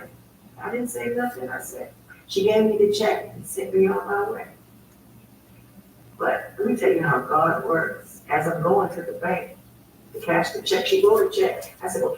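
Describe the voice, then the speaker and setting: Echoey distant woman telling a story. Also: on the low side. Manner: emphatic, animated retelling. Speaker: guest. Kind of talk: personal storytelling. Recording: very echoey, distant, faint ambient noise.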